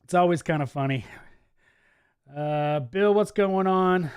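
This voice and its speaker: Man, Midwest and Southern accent mix, livestream host, chatty, laughs a lot, slightly higher voice. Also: measured pace, clear, resonant tone, no echo, studio quality. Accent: mixed Midwest and Southern US. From US Midwest, Wisconsin. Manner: chatty and laid-back, laughs often. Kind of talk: casual live chat reading viewer comments. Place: home office.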